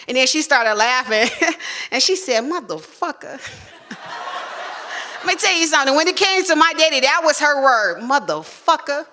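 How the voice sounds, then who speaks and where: A woman telling a personal story on stage, frank and salty, acting out family members' voices in animated bursts. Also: on the low side. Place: stage at a live storytelling show.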